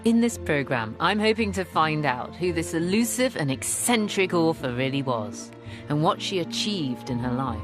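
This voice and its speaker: Woman documentary host, lower register, animated delivery, music bed. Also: normal speed. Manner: enthusiastic, expressive. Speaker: historian and curator presenting the programme. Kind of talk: documentary presenting and narration.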